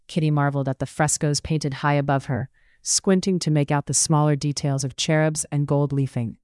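Reading aloud from a period novel, the narrator keeps a steady, measured storytelling pace, captured on a studio microphone. The pitch sits in the middle and the voice is smooth, with no echo. It's scripted audiobook narration.

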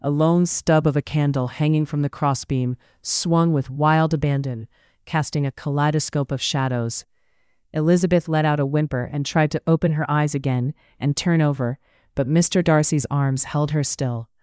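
An audiobook narrator reading a period romance in an even, measured way, close to the mic. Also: mid-range voice, clean tone, no room sound. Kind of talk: scripted narration.

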